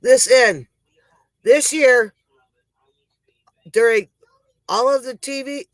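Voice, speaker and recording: A man's voice: very high voice, slow pace, dry recording, rough recording. A man playing a folksy country woman who hosts a comic joke report, rambling, out of breath and sighing between jokes. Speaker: comedy show host. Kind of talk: comic monologue.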